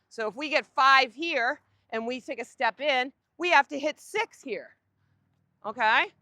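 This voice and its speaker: An energetic woman runs a tennis coaching session outdoors, firing questions at her group and calling out drills. Her voice is bright and forceful and a little high, and the sound is dry and close. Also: measured pace, dry recording. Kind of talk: on-court coaching demonstration.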